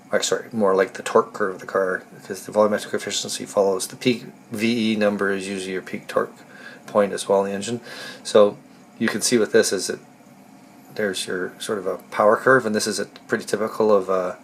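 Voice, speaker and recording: A man with a cold, hoarse and halting, talking through his engine tuning in a casual technical walkthrough. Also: fairly low pitch, little pitch movement, slight background noise. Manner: halting, many ums and restarts, thinking aloud. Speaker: car restorer explaining engine tuning.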